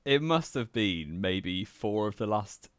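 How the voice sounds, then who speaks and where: A man's voice: on the low side, animated, takes it slowly, clean tone, no room sound. A young man co-hosting a podcast, dry and teasing, laughing often. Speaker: podcast co-host. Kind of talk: casual chat.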